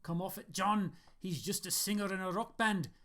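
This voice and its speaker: Man doing a raised, loud, scoffing Scottish artist in his forties. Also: high-pitched, normal speed, voice pushed up. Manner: wry, scoffing. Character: middle-aged male artist, dry and teasing.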